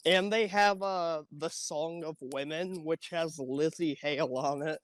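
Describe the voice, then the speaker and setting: Guy cohosting a music podcast, cusses a lot, tells stories all animated, dry close mic. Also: a little high, unhurried, dry recording. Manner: swears freely, animated storytelling. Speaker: podcast co-host. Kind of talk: casual chat.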